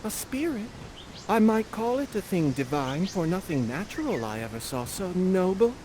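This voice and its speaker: An innocent, wide-eyed young woman gasps her lines in a raised, wondering voice that leaps about in pitch, as a man puts her on. She speaks old stage verse with open awe. A faint hum sits behind her. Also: big pitch swings, moderate pace, darkish tone. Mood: awestruck.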